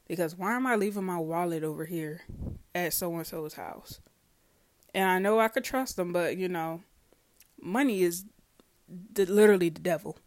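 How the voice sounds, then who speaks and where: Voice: medium pitch, dry recording. A podcast host talking casually and at length, swearing freely and acting out conversations while telling a story. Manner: profane, storytelling, acts out dialogue; rambling, self-correcting. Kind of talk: casual discussion monologue.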